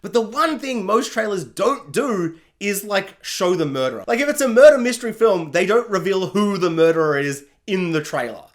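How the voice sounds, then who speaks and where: High-voiced man ranting animatedly. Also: moderate pace, hardly any pauses. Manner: animated, exasperated, self-mocking; laughs at himself mid-rant. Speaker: film reviewer. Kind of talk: ranting solo video review.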